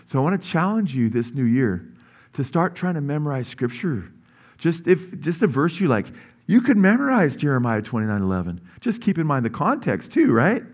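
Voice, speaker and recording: A middle-aged male pastor giving a sermon in a conversational style, often asking "amen?" and rising in pitch and energy when he urges his listeners. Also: big pitch swings, normal speed, darkish tone, breathy edge. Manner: conversational, with many asides and "amen?" checks; rises in pitch and energy when urging the congregation.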